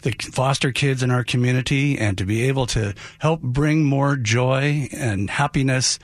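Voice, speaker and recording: A man's voice: mid-range voice, moderate pace, no room sound. An older man talking earnestly as a guest in a radio studio, telling heartfelt stories. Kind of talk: casual on-air interview.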